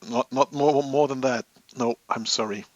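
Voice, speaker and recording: A man's voice: medium pitch, fairly even intonation, moderate pace, dry recording, lo-fi sound. A man hosting a live hobby stream from his home office, chatting casually with viewers in a rambling, amused way. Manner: rambling, chatty, laughs at his own stories.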